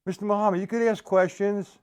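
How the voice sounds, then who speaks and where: A high-pitched yet darkish, smooth voice with a steady tone belongs to an older man giving a drum lesson on a live stream, speaking a little fast. He explains each exercise, counts beats aloud, and speaks to viewers in the chat by name, a drum kit in the background.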